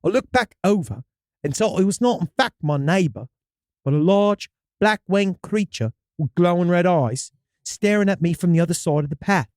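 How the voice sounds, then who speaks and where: A man's voice: high voice, lively intonation, normal speed, darkish tone, no room sound, clean studio sound. A man reading a listener's story aloud, voicing a man who tells of a childhood Mothman sighting in a put-on English accent, with dramatic outbursts. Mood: spooky storytelling.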